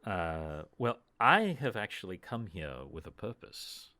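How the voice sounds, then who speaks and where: A female drow druid posing as a wood elf, voiced by a man. She speaks in a low, formal, stilted way and keeps an air of mystery. The voice has a changed timbre and sounds dry and close. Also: big pitch swings, unhurried, sharp tone, no echo, heavily acted. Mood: mysterious.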